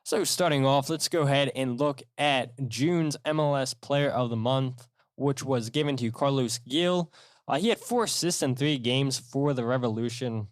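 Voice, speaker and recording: Man, podcast host, casual rambling chat, mid pitch, dry close sound. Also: moderate pace, no echo. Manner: rambling, animated storytelling with many fillers and restarts.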